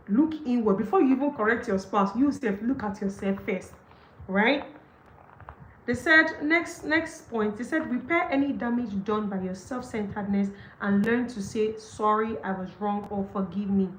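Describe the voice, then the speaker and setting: A young adult woman with a Nigerian accent hosts a live book session, reading from a marriage book and commenting emphatically, often laughing and acting out the excuses she quotes. Her voice is a little high, and the low-quality recording has an echoey room and a bit of hiss or hum.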